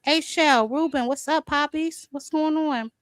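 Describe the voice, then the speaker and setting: A woman's voice: sits high, unhurried. Woman, livestream host, heated casual chat, exasperated rants with pet names for her viewers. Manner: exasperated, ranting, calls viewers baby and honey.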